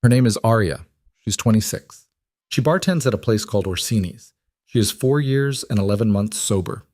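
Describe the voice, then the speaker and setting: A man's voice: on the low side, darkish tone, no room sound, clean studio sound. A man voicing a protective single father who speaks earnestly and insistently, repeating himself.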